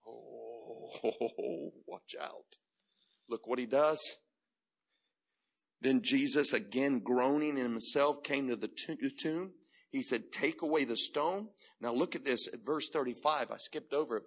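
A man preaching a sermon as pastor, building from quiet reflection to shouted climaxes in a rhythmic, repetitive cadence. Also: medium pitch, gravelly.

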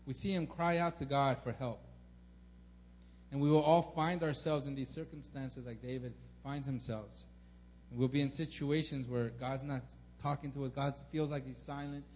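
A young man preaching a casual sermon as a pastor, informal and earnest, full of fillers, sometimes acting out prayers loudly. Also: mid-range voice, fairly even intonation, normal speed. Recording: dull lo-fi recording with faint hum.

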